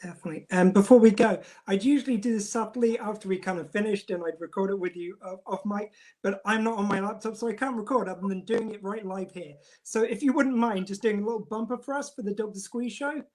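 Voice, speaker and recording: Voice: mid-range voice, quick pace, darkish tone. A host chatting with a guest, effusive and rambling, with many fillers. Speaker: podcast host. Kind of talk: casual interview chat.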